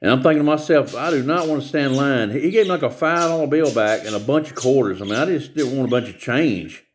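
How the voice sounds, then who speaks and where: A man's voice: medium pitch, fast, a little hiss or hum. A man vlogging a casual rant about a store visit, rambling and repetitive, with many hesitations.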